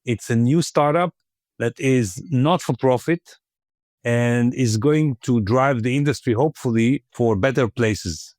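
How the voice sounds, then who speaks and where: A man's voice: mid-range voice, measured pace, darkish tone, dry recording, studio quality. A man speaking as a guest on a podcast interview, thoughtful and conversational with frequent fillers.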